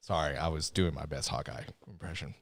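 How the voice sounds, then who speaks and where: A man co-hosting a live podcast in casual chat, joking and animated, swearing freely. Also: a bass voice, fairly quick, dry recording, clean studio sound. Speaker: podcast co-host.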